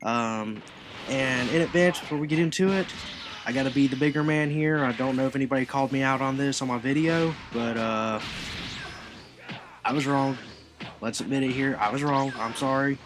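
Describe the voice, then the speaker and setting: A man's voice: medium pitch, moderate pace, background noise. A man casually reviewing an anime episode, chatty and rambling, full of asides as he recaps.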